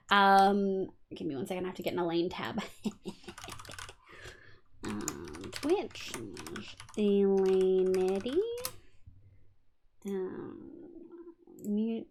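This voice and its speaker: A young Australian woman streaming a building game, chatting casually, swearing freely and humming little sound effects as she works. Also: mid-range voice. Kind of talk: casual livestream chat while gaming.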